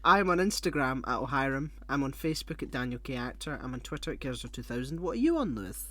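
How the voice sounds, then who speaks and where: A young man co-hosting a casual podcast, excitable and sweary, quick to loud laughter. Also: medium pitch. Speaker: podcast co-host.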